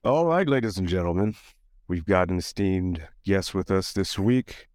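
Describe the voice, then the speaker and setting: A man with a deep voice co-hosts a podcast and jokes with the others, his pitch moving widely. The recording is dry and close. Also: expressive, normal speed, darkish tone, no echo. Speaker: podcast co-host. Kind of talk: casual chat.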